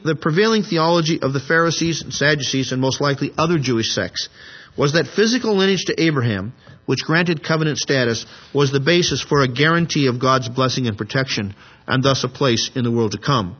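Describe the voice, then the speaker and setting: A man teaching a Bible lesson. He reads a commentary aloud in a measured, scholarly way and breaks off for off-the-cuff asides. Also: mid-range voice, animated, breathy edge, lo-fi sound.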